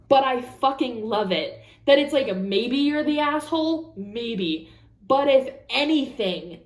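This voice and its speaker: Blunt, swearing woman in a roomy echo. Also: on the high side. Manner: blunt, swears freely, animated asides. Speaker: craft vlogger reading and reacting to an online story. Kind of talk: casual reaction chat.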